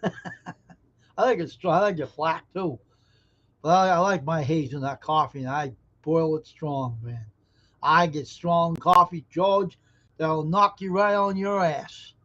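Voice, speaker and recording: Streaming indoors at home, a Southern American man talks directly to chat, cracking folksy jokes and reading their comments. He speaks unhurriedly in a voice on the high side and a bit bright, over dull lo-fi audio.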